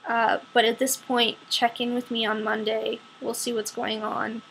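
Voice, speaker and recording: A woman voicing a calm, matter-of-fact female doctor who patiently explains, hedging as she goes. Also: a little high, normal speed, creaky, slight background noise, rough recording.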